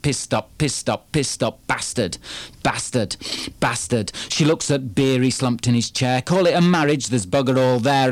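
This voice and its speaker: A man's voice: mid-range voice, no room sound. Yorkshire man chanting punchy performance poetry. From Yorkshire, England. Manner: punchy, rhythmic chanted delivery with repeated refrains. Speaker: performance poet. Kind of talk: live performance poetry reading.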